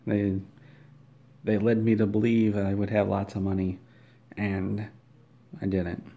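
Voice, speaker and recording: A blunt young woman cook who answers in a plain, offhand way, as a man reads her lines in a comic story. The voice sits low and gravelly, and it barely shifts from the storyteller's own. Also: completely flat delivery, a little slow, phone-quality sound.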